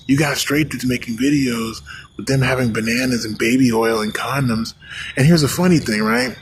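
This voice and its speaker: A man's voice: medium pitch, a little hiss or hum, poor audio. A man from the United States in a casual, profane rant to the camera, rambling with many restarts.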